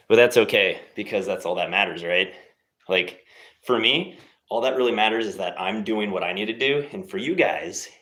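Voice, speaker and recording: A man's voice: on the low side, fairly bright tone. A young man hosting a live stream, chatting casually between workout sets and teasing his viewers in a laid-back, motivational way. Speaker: livestream host.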